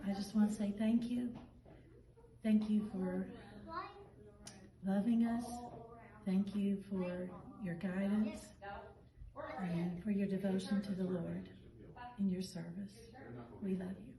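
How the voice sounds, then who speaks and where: Woman, church member, slow earnest thanks, echoey, distant, crowd behind. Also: medium pitch, steady tone.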